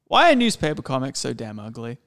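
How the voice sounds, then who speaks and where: A man on a casual group chat, ranting in an animated way and packing his talk with "like". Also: medium pitch, a little fast. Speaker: podcast co-host.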